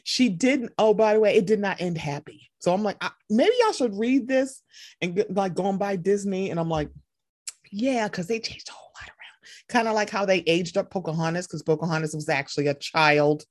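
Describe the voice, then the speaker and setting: A young woman co-hosting a podcast, chatting casually and animatedly, often jumping into excited quoted voices. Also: a little fast, dry recording, studio quality. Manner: animated, jumps into high excited voices when quoting. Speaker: podcast co-host. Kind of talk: casual chat.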